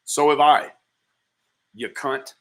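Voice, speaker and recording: A man's voice: a little high, steady tone, slow, fairly bright tone, slight background noise. A man hosting a livestream, reacting to a played clip with profane, mocking insults and thanking his viewers. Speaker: livestream commentator.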